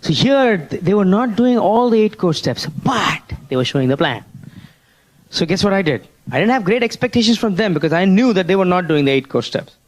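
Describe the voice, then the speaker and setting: His voice sits high, expressive and fairly quick. As a motivational speaker at a business seminar, he tells stories and regularly puts questions to the audience.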